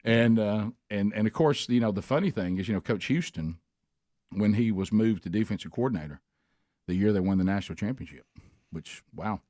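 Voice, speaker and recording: A middle-aged man hosts a radio talk show, rambling through a long story with restarts and acting out quotes in sudden high-pitched shouts. His voice sits low, and the sound is dry and close to the mic. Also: fairly quick, no echo.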